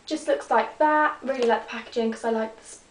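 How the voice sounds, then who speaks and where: Teen girl, high voice, chatty beauty vlogger, echoey room, slightly distant mic. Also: fast, slight background noise. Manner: chatty, rambling, bubbly. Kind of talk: casual makeup show-and-tell.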